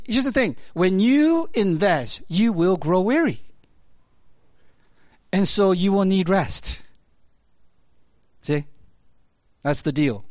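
A man preaching a casual, animated sermon, jumping from loud high emphasis to low quiet asides, with laughs and fillers. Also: dry recording.

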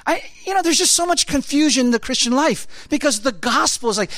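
A pastor preaching a sermon in a conversational, emphatic way, with rapid rhetorical questions and repeated key phrases. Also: high-pitched, expressive, a bit bright, no echo.

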